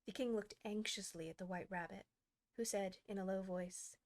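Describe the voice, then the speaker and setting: A woman hosting a show where she reads a classic storybook aloud with a steady, clear delivery. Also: mid-range voice, normal speed. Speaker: audiobook narrator, host. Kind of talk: storybook reading.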